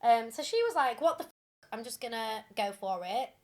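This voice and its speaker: A young woman co-hosting a podcast, retelling listener stories in a casual, animated way with lots of fillers and giggles. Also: fairly high pitch, brisk. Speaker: podcast co-host.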